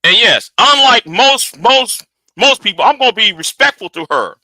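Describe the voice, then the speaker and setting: A man hosting a livestream, reacting to a clip with animated, argumentative commentary aimed straight at his audience. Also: high voice, moderate pace, no echo. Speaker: livestream host.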